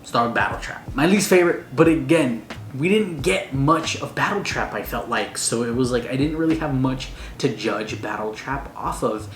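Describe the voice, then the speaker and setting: A man giving a casual, excitable spoiler review of a movie, gushing like a fan and using slang. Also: mid-range voice, moderate pace, hardly any pauses. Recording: roomy echo, faint noise.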